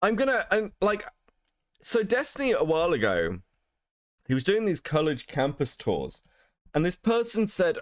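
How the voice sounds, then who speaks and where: A fairly high-voiced man hosting a casual livestream, with a lively, swooping delivery. He mocks and swears freely and laughs often, heard on a dry, close sound. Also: moderate pace, no room sound. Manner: profane, mocking, laughs often. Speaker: streamer host.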